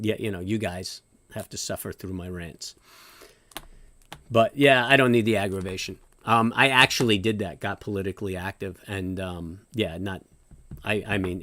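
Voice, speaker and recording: A man, ranting profanely in casual chat as a trading stream host, jumping from loud outbursts to low muttering. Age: late 40s.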